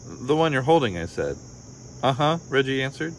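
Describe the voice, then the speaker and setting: A man reading a children's picture book aloud, gently, lifting his voice a little for the children's lines. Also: very animated, moderate pace, a little hiss or hum. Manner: gentle storytelling, voices the children's lines slightly higher and livelier. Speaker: storybook reader.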